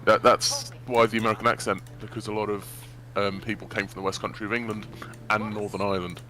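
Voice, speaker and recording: A man's voice: lowish voice, little pitch movement, fast, pushed and bright. A man in a casual chat with friends while gaming, correcting the others in a pedantic way.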